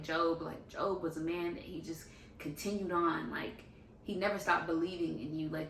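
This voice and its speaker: A young faith vlogger talks candidly in a casual confessional vlog, chatty and saying "like" a lot. Her voice is lowish and a bit bright. The mic is distant, in an echoey room with faint ambience and slight background noise.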